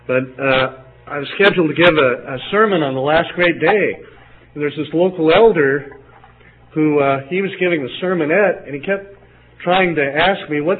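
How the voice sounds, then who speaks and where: An older man preaching a sermon, halting often with fillers and restarts. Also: fairly high pitch. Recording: phone-like lo-fi recording with faint hiss.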